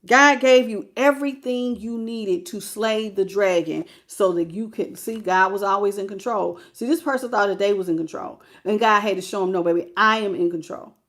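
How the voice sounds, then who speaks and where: A woman's voice: mid-range voice, moderate pace, hardly any pauses, fairly bright tone. A woman hosting a live tarot reading, preaching about God and greeting viewers by name.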